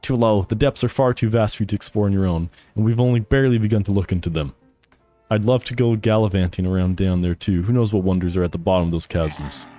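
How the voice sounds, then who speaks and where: A man's voice: fairly low pitch, fast, warm tone, soft background music, close to an everyday voice. A man voicing an eccentric older male researcher who reads his game lines in a theatrical, dramatic way.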